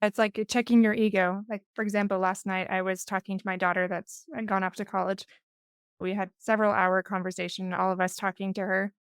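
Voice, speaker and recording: A woman in her forties hosting a podcast, speaking in a thoughtful, measured, reflective way. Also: medium pitch, level tone, clear, resonant tone, no room sound, studio quality. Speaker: podcast host. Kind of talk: reflective conversation.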